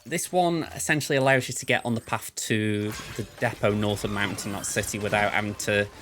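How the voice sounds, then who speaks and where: A man's voice: on the low side, steady tone, a little fast, fairly bright tone, slight background noise. A man hosting a let's play, giving chatty gameplay commentary and thinking aloud in a playful way. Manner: playful, self-described goofball.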